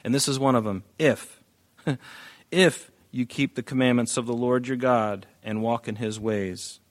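A man's voice: mid-range voice, fairly even intonation, normal speed. A man, a pastor preaching an expository sermon, reading scripture aloud and pressing points with emphatic rises and drops in volume.

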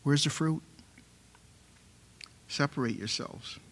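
A male preacher delivers a sermon in a fairly high voice. He is emphatic and drives points home with repeated rhetorical questions. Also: slow pace, a little hiss or hum.

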